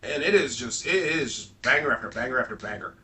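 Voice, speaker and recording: A man co-hosting a podcast in casual chat, excitable, dropping lots of "like" and swearing freely. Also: mid-range voice, fast, far from the mic, a little hiss or hum. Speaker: podcast co-host.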